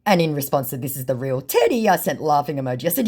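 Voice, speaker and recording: A woman's voice: sits low, sing-song, fast, a little mellow, husky. A woman casually telling a story, with dry, sarcastic amusement. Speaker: vlogger reading scam chats. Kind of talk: casual chat.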